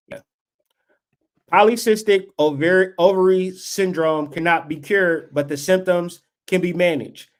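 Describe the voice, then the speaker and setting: A man's voice: high-pitched, a little slow. A man in his late thirties hosting a livestream, ranting in a profane, fired-up and preachy way. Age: late 30s. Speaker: livestream host. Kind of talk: unscripted livestream rant.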